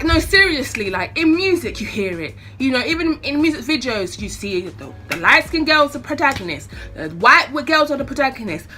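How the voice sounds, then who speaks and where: A woman's voice: high-pitched, sharp tone. A young woman vlogger delivering an impassioned, swearing rant to camera, getting more fired up as she talks. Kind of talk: casual opinion rant to camera.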